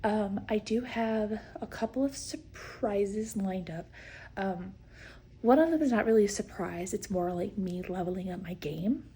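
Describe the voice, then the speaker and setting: A woman's voice: medium pitch, a little slow, husky. Chatty woman vlogging her reading. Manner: chatty, swears, frequent fillers, excited outbursts. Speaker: book vlogger. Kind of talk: casual reading vlog chat.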